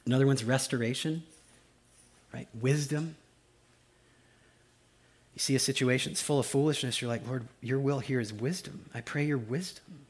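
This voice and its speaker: A man delivers a church sermon in a lively, conversational way. His pitch climbs high when he gets excited and then drops low and soft. He keeps drawing his listeners in with quick asides. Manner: animated, conversational preaching with frequent "right?" and "y'all". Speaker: pastor.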